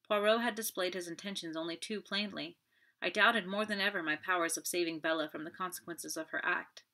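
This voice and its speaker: A woman reading a first-person novel as an audiobook narrator, steady and clear. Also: on the low side, brisk.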